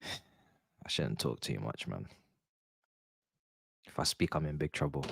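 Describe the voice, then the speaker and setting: A man's voice: extremely low pitch, lively intonation, a little slow, gravelly, pauses often, husky, no room sound. A young man reacting live to a football match, exasperated and swearing. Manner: exasperated, swearing, muttering to himself. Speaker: football watch-along host.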